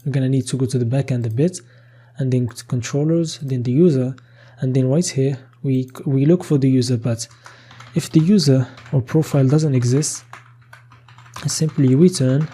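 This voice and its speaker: Over the sound of his keyboard, a man teaches programming in a screen-recorded tutorial, muttering "okay" a lot and loosely starting over as he reasons out loud. He has a mellow, medium-pitched voice, and there's a slight hiss or hum on the recording.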